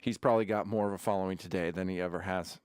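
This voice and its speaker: A man's voice: low-pitched, steady tone, racing, darkish tone, clear, resonant tone, no room sound. A man hosting a casual livestream from his home studio, chatting in a rambling way with sarcastic asides between sips of beer. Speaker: livestream host. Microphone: desk camera setup.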